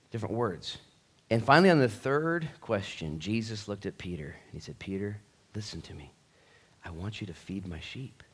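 Lower-voiced pastor preaching animatedly. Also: male voice. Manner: animated storytelling, acts out quotes. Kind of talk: sermon. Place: church.

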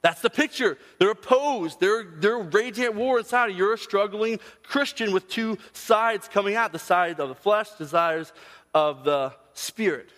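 A man preaches with an animated, storytelling manner, now and then slipping into other voices. His voice sits fairly high. It rings out with a long reverb, as in a large hall. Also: normal speed. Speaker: pastor. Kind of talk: sermon.

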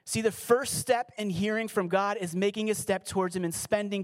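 In his sermon, a high-voiced pastor pleads with earnest feeling, slowing down and lowering to almost a hush whenever he reaches key lines.

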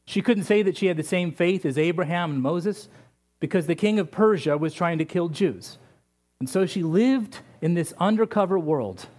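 A man's voice: on the high side, darkish tone. A male pastor preaching a sermon, retelling a story with humorous asides.

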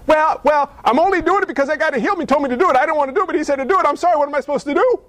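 A man's voice: very high-pitched, rapid-fire, fairly bright tone, voice pushed up. A preacher voicing a cowardly man who was just healed, whining and stammering out excuses. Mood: whiny excuses.

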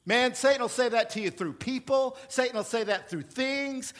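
Animated, bright-voiced male preacher. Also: fairly quick, hardly any pauses. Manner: animated, playful preaching with sudden jumps in pitch and volume. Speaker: pastor. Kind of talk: sermon.

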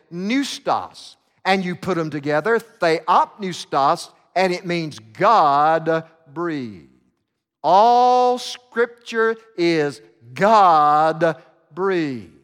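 A man's voice: fairly high pitch, a bit bright. A man preaching a sermon, telling a story dramatically and often stumbling over fillers and restarts. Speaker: pastor. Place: church sanctuary. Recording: long reverb of a church sanctuary.

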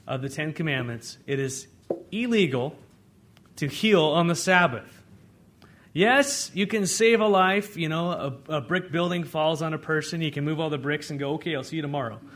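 Animated male pastor preaching. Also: on the high side, normal speed, slight background noise. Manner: conversational preaching, acts out quoted voices, swings between loud and hushed. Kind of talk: sermon.

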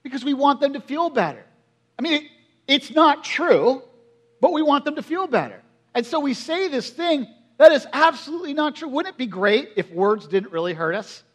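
A man's voice: very high voice, animated, moderate pace. A man in his forties preaching a sermon in a conversational way, often asking the congregation questions. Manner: drops to a quiet, hushed voice at emotional moments. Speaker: pastor.

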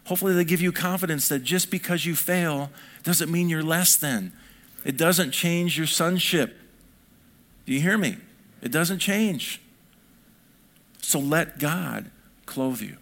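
Gravelly-voiced man preaching. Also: fairly high pitch, a little slow, pauses often, fairly bright tone. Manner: conversational preaching, rising to emphatic peaks. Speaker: pastor. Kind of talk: sermon.

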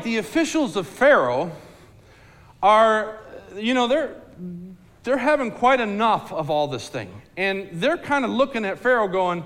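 Animated man telling a Bible story. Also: on the high side, big-room sound. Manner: animated, slangy, addresses listeners directly. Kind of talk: casual Bible storytelling to a group.

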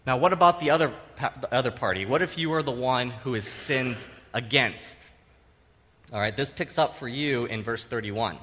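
A middle-aged man preaching a sermon, conversational and animated, tossing in tag questions and acting out quotes with sudden loud bursts. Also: medium pitch, moderate pace, long reverb tail. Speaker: pastor.

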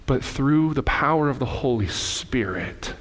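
A male pastor preaching a fervent sermon in a church, repeating his points and swinging between loud and soft. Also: mid-range voice, lively intonation, a little slow. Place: church sanctuary. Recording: echoey hall reverb.

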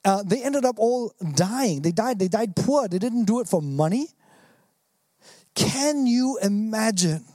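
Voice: mid-range voice, lively intonation, measured pace, dark tone, no echo, studio quality. A preacher giving an earnest, emphatic sermon, acting out the quoted lines in different voices.

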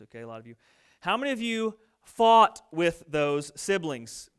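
A young adult man preaching a sermon, telling a story in an animated, conversational way to his congregation. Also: fairly high pitch, moderate pace, clean tone. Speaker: pastor. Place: church sanctuary.

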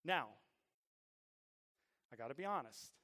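A middle-aged man preaching a sermon, moving between a hushed storytelling voice and loud, drawn-out emphatic preaching. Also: mid-range voice, lively intonation. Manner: drawn-out emphatic phrasing at peaks. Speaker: pastor.

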